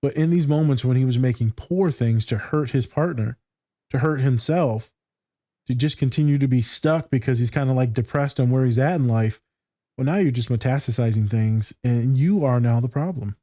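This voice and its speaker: A man talks on a casual podcast in a mellow, relaxed voice, blunt and profane. He laughs often. The sound is dry and close to the mic. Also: mid-range voice, moderate pace, dry recording. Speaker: podcast co-host and counselor.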